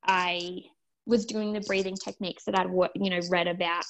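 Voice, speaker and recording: A young woman telling a story in a loose, chatty way, with lots of "um" and "like" as she acts out what everyone said. Her voice sits at a middle pitch with a gravelly, fried edge at the ends of phrases. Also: level tone, moderate pace, slight background noise. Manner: chatty, many fillers, quotes herself and others. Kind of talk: casual storytelling.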